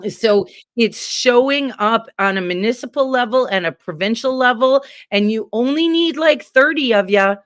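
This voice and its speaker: A woman guest from Canada in casual political chat, talking in a heated, rambling, animated way with many fillers. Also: on the high side, moderate pace, hardly any pauses, no echo, studio quality.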